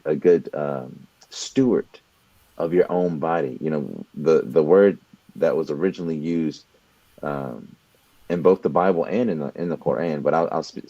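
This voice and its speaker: Young guy with a real low mellow voice, earnest motivational podcast talk, trips over words a lot. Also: dry recording, dull audio. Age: young adult. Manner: earnest, repeats words while building a point. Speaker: podcast co-host.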